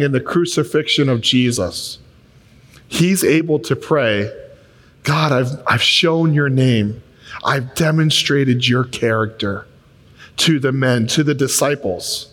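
A man preaching a sermon as a pastor, telling stories and acting out both sides of conversations in quick changes of voice. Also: medium pitch, a bit bright. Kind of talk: sermon with acted-out dialogue. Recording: long reverb of a large hall.

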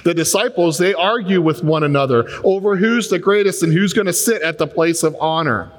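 A man preaching a sermon as a pastor, telling stories and acting out both sides of conversations in quick changes of voice. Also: a little high. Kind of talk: sermon with acted-out dialogue. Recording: long reverb of a large hall.

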